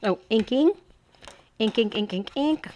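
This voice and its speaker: A woman's voice: fairly high pitch, animated, a little slow, mellow. A woman hosting a casual crafting tutorial, chatty and gushing, thinking aloud as she works.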